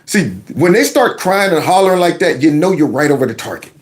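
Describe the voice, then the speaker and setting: A man hosting an opinionated commentary vlog, talking in an emphatic, colloquial and indignant way with big swings in pitch. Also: animated, fairly quick. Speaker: political commentary host.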